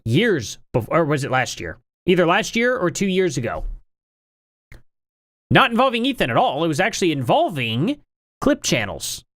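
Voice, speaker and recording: Male streamer, casual commentary, rambling and incredulous, very animated pitch, dry close sound. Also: no room sound.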